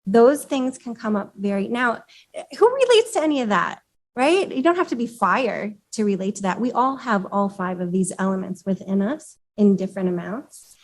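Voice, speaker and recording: A woman author with a medium-pitched voice and lively intonation talks at normal speed to a live room of women leaders. Her workshop is conversational, with explanations and questions to the audience.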